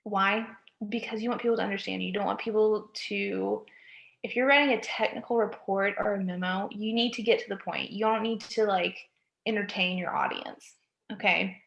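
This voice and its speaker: A woman's voice: medium pitch, steady tone, normal speed, gravelly, a bit bright, dull audio. A woman, a college writing instructor, giving a recorded lecture, often checking in with "okay?" and correcting herself mid-sentence. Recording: echoey room.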